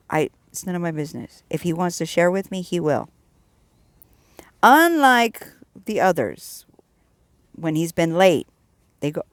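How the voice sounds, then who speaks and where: A woman sharing a personal faith testimony in an earnest, animated storytelling way, dropping low and soft at serious moments. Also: normal speed, no room sound. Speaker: Christian vlogger sharing testimony.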